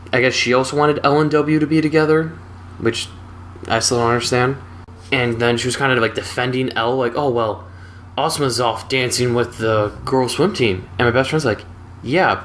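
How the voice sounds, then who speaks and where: A young man casually telling a personal story, relaxed and wry. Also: mid-range voice, slight background noise. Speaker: storytelling channel host.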